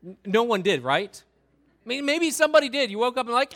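Animated preacher with a bright voice. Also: male voice, extremely high pitch, fairly quick. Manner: animated, acts out voices of churchgoers. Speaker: pastor. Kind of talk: sermon.

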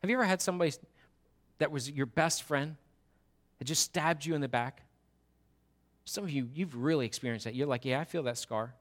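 A man's voice: fairly high pitch, fairly quick, pauses often, a bit bright. A man preaching a sermon in an earnest, emphatic way, often restarting his words.

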